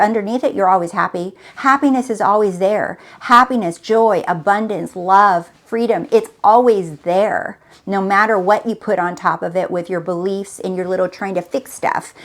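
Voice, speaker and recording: A woman hosting a spiritual motivational talk, speaking emphatically and repeating herself as she coaxes the listener directly. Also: medium pitch. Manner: emphatic, repetitive and coaxing, addressing the listener directly. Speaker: host.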